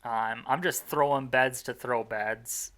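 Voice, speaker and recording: A man's voice: medium pitch, fairly even intonation, slow pace, bright, forceful tone. A young man commentating his own game run in a casual, rambling, self-mocking way, full of fillers and restarts.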